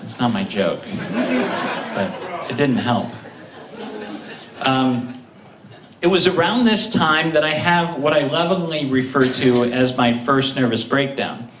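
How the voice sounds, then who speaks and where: A man's voice: mid-range voice, lively intonation, fairly bright tone, slight background noise. Man telling stories on a roomy stage. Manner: chuckles through the stories, halting restarts. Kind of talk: live comedic storytelling. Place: live show venue. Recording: roomy, distant live-stage mic.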